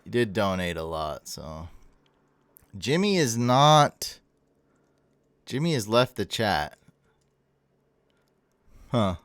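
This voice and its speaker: A man hosting a late-night livestream, rambling and friendly as he reads out viewer comments and thanks people. His voice sits a little low and sounds clear and smooth. The sound is close and dry. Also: very animated, slow pace, pauses often, fairly bright tone, no echo. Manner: chatty, rambling, thanks viewers and stumbles over names. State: tired. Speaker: livestream host. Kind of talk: casual livestream chat reading viewer comments. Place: home room.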